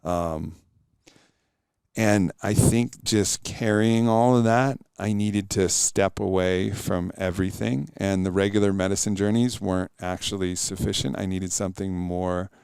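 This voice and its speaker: A man's voice: low voice, steady tone, unhurried, creaky, darkish tone, smooth, no echo, clean studio sound. A middle-aged man telling stories in an earnest, reflective way as a guest in a casual podcast interview.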